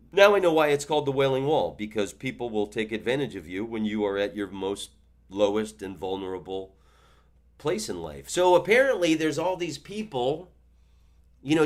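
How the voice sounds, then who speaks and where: A man in his fifties, a comedian and podcast host, telling a story in a monologue with animated delivery and stammering restarts. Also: medium pitch, moderate pace. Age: 50s.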